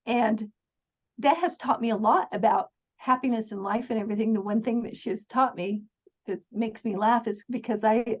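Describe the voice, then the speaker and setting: A middle-aged woman with a slightly high, husky voice tells stories as a podcast guest. She talks earnestly and chattily, laughing often and restarting her sentences. The recording sounds dull and lo-fi. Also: normal speed. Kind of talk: casual storytelling interview.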